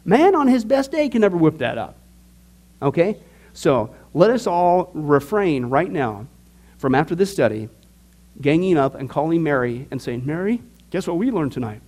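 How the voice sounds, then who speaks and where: Bible class teacher, a man with a somewhat high voice, informal and emphatic, quizzes his group. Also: sing-song, normal speed, a little mellow. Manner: emphatic, joking, asks the class questions.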